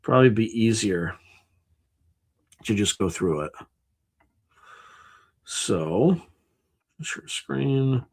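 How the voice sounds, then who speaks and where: A man's voice: fairly low pitch, animated, extremely slow, pauses often. Tired, offhand male livestream host. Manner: offhand, sarcastic asides, thinking aloud. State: tired, yawning. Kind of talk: casual live-stream commentary.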